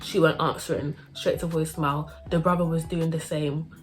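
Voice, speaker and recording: A young woman tells a story in a casual, slangy way. Her voice sits lowish, and she acts out everyone she talks about. Faint music plays underneath. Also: fairly even intonation, brisk.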